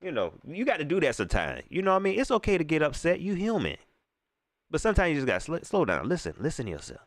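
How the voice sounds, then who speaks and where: Male fan-channel host, live-stream rant; lively swooping delivery, dry close sound, slangy and emphatic. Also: a little high, quick pace, dry recording. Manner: animated and emphatic, with repeated rhetorical questions; casual slangy speech with frequent fillers. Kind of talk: casual live-stream venting.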